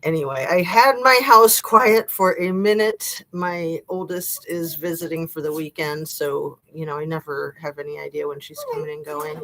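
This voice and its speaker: A woman's voice: deep voice, lively intonation, normal speed, a bit bright, low-quality recording. A middle-aged woman chatting casually to viewers on a live stream from her home, rambling and laughing often. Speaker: YouTube live-stream host. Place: home room.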